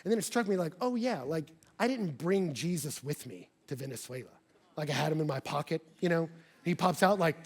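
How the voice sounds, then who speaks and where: A man preaching a sermon, telling a story with animated voices that swing from loud outbursts to hushed, earnest lines. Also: on the high side, normal speed, slightly rough. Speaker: pastor. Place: church stage before a congregation.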